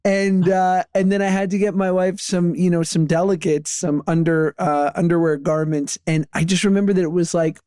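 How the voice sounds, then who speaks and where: A man's voice: high voice, little pitch movement, moderate pace, few pauses, dark tone, clear, resonant tone, dry recording, studio quality. A man in his thirties telling casual anecdotes on a podcast, often laughing through his stories. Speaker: podcast co-host. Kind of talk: casual chat.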